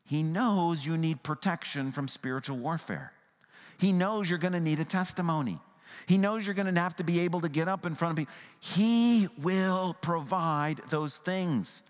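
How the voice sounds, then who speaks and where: A man preaching a sermon as pastor, swinging from raised, emphatic passages to hushed, tender ones. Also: on the high side, moderate pace, big-room sound.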